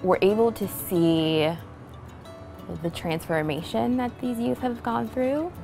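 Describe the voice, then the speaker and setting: A woman speaking earnestly and measured about the work of her program. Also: on the high side, steady tone, dark tone, faint music behind. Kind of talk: promotional interview.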